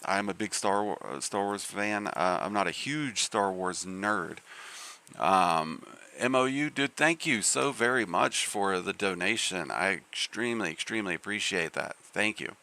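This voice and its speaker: A man's voice: low voice, measured pace, bright, forceful tone. A man hosting a live game stream, chatting casually in a rambling way with lots of fillers and restarts.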